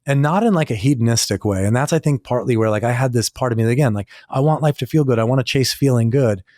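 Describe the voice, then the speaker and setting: A man's voice: mid-range voice, fast talker, a little mellow, dry recording, clean studio sound. A man hosting his own podcast, reflecting in a candid, casual way and leaning on lots of "like"s. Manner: casual, candid, many filler "like"s. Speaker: podcast host. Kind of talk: solo reflective podcast talk.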